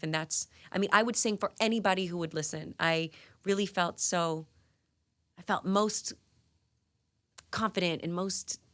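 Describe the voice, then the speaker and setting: A singer in her thirties from New England tells stories as a guest in a radio studio interview. Her voice is lowish, and she is animated and laughing, with plenty of "like" fillers.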